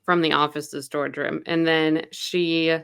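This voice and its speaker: A woman's voice: deep voice, little pitch movement, vocal fry, a bit bright, clear, resonant tone. A woman co-hosting a book podcast, recapping a scene and chiming in with short agreeing replies. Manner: unhurried, brief agreeing replies. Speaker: podcast co-host. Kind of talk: casual book discussion.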